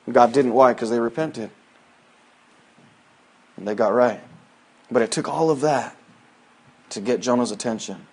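Preaching at a normal speed with frequent pauses, this medium-pitched pastor keeps a folksy, conversational tone. He cites scripture, alternating forceful declarations with quiet asides.

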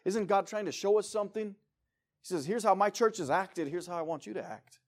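Male pastor, higher-pitched voice, preaching in a church meeting room, dynamic swings from loud to hushed, rhetorical questions. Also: normal speed. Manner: preaching with big swings between loud emphasis and quiet intensity, rhetorical questions. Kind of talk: sermon.

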